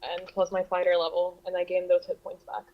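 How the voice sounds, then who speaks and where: A tabletop player declaring attacks in casual chat, blunt and quick to swear. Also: mid-range voice, completely flat delivery, muffled recording.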